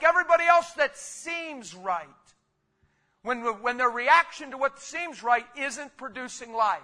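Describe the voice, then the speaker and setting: A middle-aged man preaching a sermon, swinging from hushed asides up to emphatic, shouted peaks. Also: extremely high pitch, expressive, measured pace.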